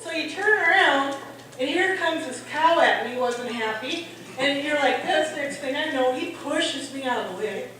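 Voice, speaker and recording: A middle-aged woman with a high voice tells comic stories with lots of animation, jumping into little voices and laughing along. She is heard from a distance in a very echoey hall with a noticeable room hum behind her. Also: animated, normal speed, sharp tone. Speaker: stand-up comedian. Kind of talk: stand-up storytelling. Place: hall at a holiday party.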